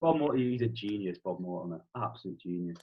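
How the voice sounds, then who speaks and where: Young british man, husky voice, casual chat, chatty, dull lo-fi recording. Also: sits low, fast. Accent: British English. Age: young adult. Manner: chatty, swears casually, animated storytelling. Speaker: guest.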